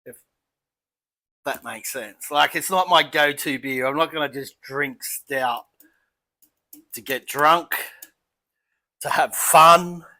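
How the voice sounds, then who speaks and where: An Australian man reviewing beer in a casual home vlog, chatty and relaxed, talking as he eats and drinks. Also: on the high side, slow pace, pauses often. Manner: relaxed, chatty, thinking aloud while eating and sipping.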